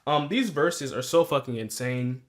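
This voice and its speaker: A man's voice: medium pitch, normal speed. A young man hosting a music podcast, talking loosely and profanely, correcting himself often and laughing at his own points. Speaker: podcast host reviewing new music. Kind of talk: casual solo music review.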